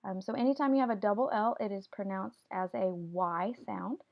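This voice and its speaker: A woman with a medium-pitched, gravelly voice teaches a Spanish vocabulary lesson at a moderate pace in a classroom video, and the recording sounds muffled. She patiently explains each word step by step and has students repeat after her.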